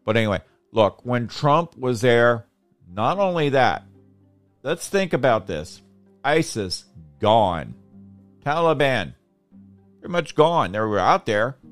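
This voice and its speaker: A man's voice: mid-range voice, big pitch swings, takes it slowly, pauses often, dry recording, soft background music. A man hosting a political show, giving a frustrated, indignant monologue and rallying listeners. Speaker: political podcast host. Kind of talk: angry political commentary monologue.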